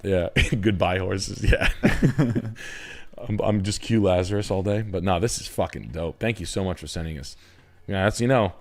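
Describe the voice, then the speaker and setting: A lowish male voice, loose and profane, hosting a live stream where he reacts to house listings. He swings into excited, swearing riffs and jokes as he goes. The delivery is casual chat rather than polished presenting. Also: moderate pace. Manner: excitable, heavily profane, jokey riffing. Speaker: realtor and stream host.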